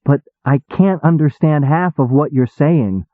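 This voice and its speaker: A man's voice: a little high, a little slow, dry recording, voice pushed up, natural voice. A man voicing a timid, naive young male apprentice who speaks earnestly and plaintively, recorded with a tinny sound. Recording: tinny phone-like dry sound.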